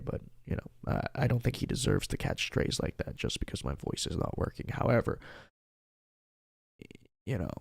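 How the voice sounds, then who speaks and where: A man putting on a breathy, hushed voice in a whispered role-play, sparing his strained throat. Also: mid-range voice, no room sound, studio quality, voice pushed down, exaggerated voice. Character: man doing a hushed ASMR voice.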